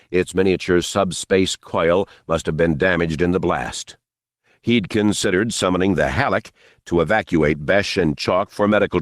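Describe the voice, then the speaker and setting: A man reading an unabridged novel aloud in a measured, even narration. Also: sits low, no room sound, clean studio sound. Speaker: audiobook narrator. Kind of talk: scripted audiobook narration.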